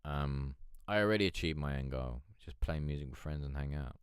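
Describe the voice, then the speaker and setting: Live-stream host, man, low droll Eeyore voice, casual and sweary, close dry mic. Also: a little fast, clear, resonant tone, no echo. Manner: chatty, swearing, laughing, reading chat aloud. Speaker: livestream host.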